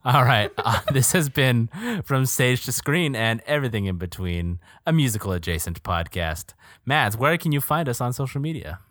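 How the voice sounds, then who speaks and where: A male podcast co-host chatting casually, pausing on ums between jokes. His voice sits at an ordinary pitch and sounds dry and close, with no room around it. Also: animated, a bit bright, no room sound. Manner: jokey, hesitant with frequent ums. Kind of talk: casual chat.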